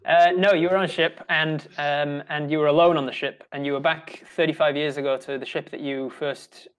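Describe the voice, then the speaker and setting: A man with a New Zealand accent narrating as game master, talking in a halting way with many restarts. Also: on the high side, steady tone, clean tone. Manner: halting, full of ums and restarts.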